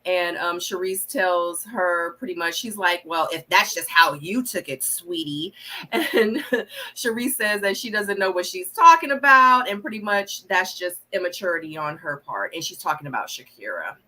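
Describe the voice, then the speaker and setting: A woman hosting a casual live review of a reality show, talking fast and acting out what people said. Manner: animated, acts out quotes with big pitch jumps.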